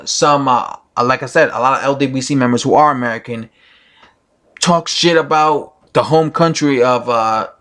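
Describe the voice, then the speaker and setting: A man's voice: mid-range voice, moderate pace, a bit bright. A man giving his opinions in a casual vlog, rambling with many fillers and restarts. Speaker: boxing YouTuber.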